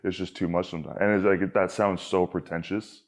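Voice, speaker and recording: A man's voice: deep voice, little pitch movement, fairly quick. A young man talking candidly as a podcast guest, rambling with lots of filler words and casual swearing.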